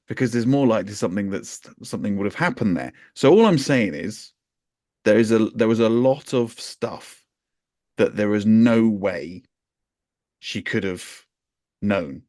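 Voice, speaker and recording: A man's voice: lowish voice, lively intonation, a little slow, darkish tone, no room sound, clean studio sound. A man co-hosting a podcast, telling a chatty, wry, self-mocking story in casual conversation. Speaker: podcast co-host.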